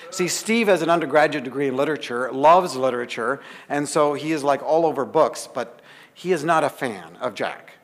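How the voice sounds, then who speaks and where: A man telling a lively anecdote to an audience, laughing and acting out the dialogue. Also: on the high side, moderate pace, big-room sound. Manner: lively, chatty storytelling with laughs and acted-out dialogue. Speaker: author giving a talk. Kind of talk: storytelling anecdote to a live audience.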